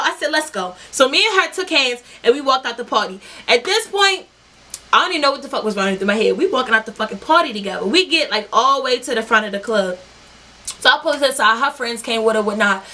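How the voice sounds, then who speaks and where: A young woman vlogger telling a storytime tale in an animated, profane, slangy way. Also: fairly high pitch. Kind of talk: storytime vlog.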